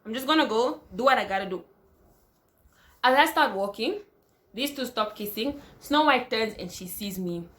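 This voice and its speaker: A young woman tells a personal story with real animation. She acts out every quote, and her voice leaps up high and drops back down as she goes. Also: normal speed. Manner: animated, acts out quotes with big pitch jumps. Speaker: storyteller vlogger. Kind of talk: casual storytime.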